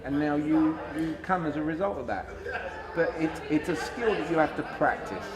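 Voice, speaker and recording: A man giving a blunt, animated sales-training talk to a live audience, acting out both sides of conversations. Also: on the high side, moderate pace, a crowd in the background.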